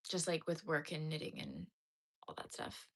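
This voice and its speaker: A woman's voice: low-pitched, huge pitch swings, moderate pace. A woman chats loosely with her viewers from home. She sounds worn out and yawns often. Her talk wanders with plenty of fillers and restarts. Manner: tired, rambling, yawning, many fillers. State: tired and yawning. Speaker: crochet streamer. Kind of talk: casual live-stream chat. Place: home, talking to a live chat.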